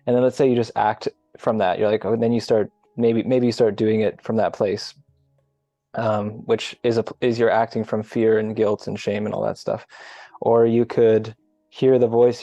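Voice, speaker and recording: A man on a group call who talks calmly and reflectively, explaining his ideas at length over muffled lo-fi call audio. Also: fairly low pitch, normal speed, no echo, soft background music. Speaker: call participant. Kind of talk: casual group video call chat.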